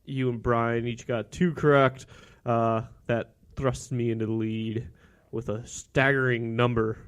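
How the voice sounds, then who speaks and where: A man's voice: mid-range voice, level tone, measured pace, smooth. Upbeat young man co-hosting a podcast. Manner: upbeat, teasing, plugging the show. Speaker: podcast co-host. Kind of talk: casual sports podcast chat.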